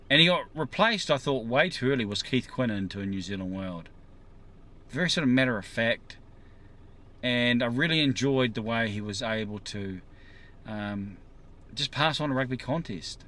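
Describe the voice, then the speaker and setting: A man's voice: medium pitch, fairly bright tone. A man talking casually to his viewers from a parked car, musing in a rambling way and asking them questions. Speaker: vlogger. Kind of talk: casual monologue to camera.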